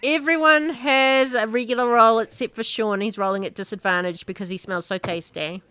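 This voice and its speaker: A woman narrating as game master of an online tabletop game, laughing often between quick rulings. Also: fairly high pitch, fairly even intonation, pushed and bright, clear, resonant tone, no room sound.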